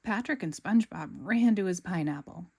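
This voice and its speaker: A woman, a parent, reading a storybook aloud with clear, expressive narration. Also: medium pitch, moderate pace.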